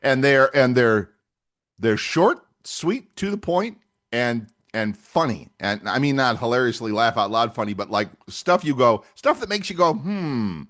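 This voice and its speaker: A man's voice: medium pitch, big pitch swings, moderate pace, fairly bright tone. A man co-hosting a podcast in casual chat, chatty and agreeable, often backing up his co-host.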